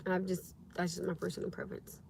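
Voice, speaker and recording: A young woman hosting a casual livestream, telling stories to her viewers in a lively, expressive way with frequent laughs. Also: lowish voice, fast, gravelly, noisy background. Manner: animated storytelling, laughs often, acts out her own past speech. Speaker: livestream host.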